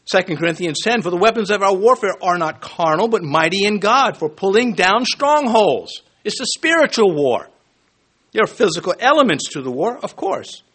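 A man preaching a sermon to his congregation, emphatic and animated, with joking asides and quick swings between loud and soft. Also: high voice, husky. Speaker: pastor.

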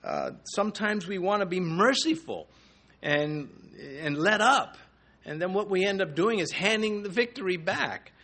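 A middle-aged man gives a relaxed, verse-by-verse Bible lesson, his voice sitting a little high for a man. He reads scripture steadily and then slips into easygoing commentary, full of fillers and restarts. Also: measured pace. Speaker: Bible teacher.

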